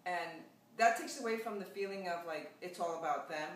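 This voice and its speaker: A woman actress, a guest in a casual spiritual chat, talking in an animated way and slipping into playful quoted voices. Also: lowish voice, moderate pace. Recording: very echoey room, mic at a distance, faint noise.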